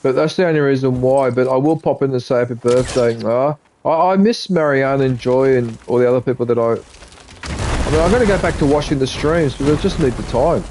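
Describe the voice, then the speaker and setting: A man's voice: mid-range voice, brisk, a little mellow, slight background noise. A man with an Australian accent chatting casually to his live-stream viewers while he plays a game. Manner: rambling, chatty, talks to viewers between game remarks.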